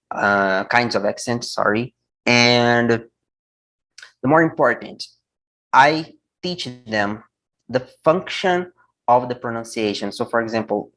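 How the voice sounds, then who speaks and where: A man from Brazil talks in English with a Brazilian Portuguese accent. He is an English teacher, blunt and opinionated, and he speaks at an unhurried pace. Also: medium pitch, low-quality recording. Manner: blunt, opinionated, animated when making a point. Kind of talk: casual conversation.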